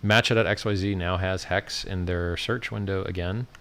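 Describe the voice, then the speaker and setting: Low-ish voiced guy doing a loose livestream, brash and mocking, ranting away. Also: steady tone, moderate pace, creaky, fairly bright tone. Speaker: livestream host. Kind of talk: casual livestream commentary.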